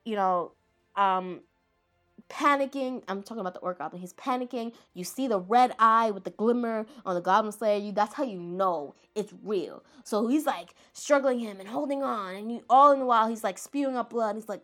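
A woman's voice: on the high side, normal speed, a bit bright, soft background music. A woman talking casually and rambling, with lots of filler words and self-deprecating asides, as she recounts anime moments. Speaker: anime commentator.

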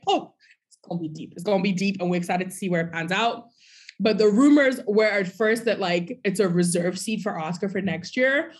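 A woman co-hosting a podcast in casual chat, animated, breaking into sung bits and mock quotes. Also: mid-range voice, fairly quick. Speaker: podcast co-host.

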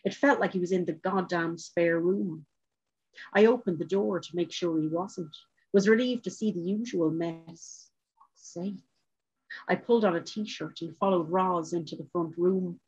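Brief: woman author reading, measured and wry, low husky voice, muffled sound. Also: darkish tone. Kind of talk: reading a short story aloud. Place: book launch.

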